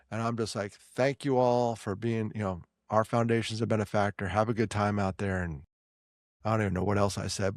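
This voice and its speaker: Gravelly New York man telling stories. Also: lowish voice, no room sound, studio quality. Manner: animated storyteller, quick restarts. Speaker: podcast co-host. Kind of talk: casual podcast chat.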